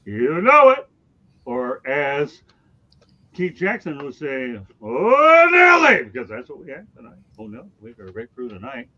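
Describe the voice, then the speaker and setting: A man hosting a sports talk show, loud and high-energy, shouting with excitement. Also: normal speed. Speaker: show host. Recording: dull lo-fi sound.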